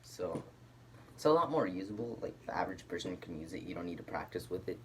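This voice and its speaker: A man's voice: sits low, sing-song, quick pace, background noise. A man casually showing off and explaining a homemade gadget, rambling with lots of filler words. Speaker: hobbyist demonstrating a homemade gadget. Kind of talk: casual show-and-tell video.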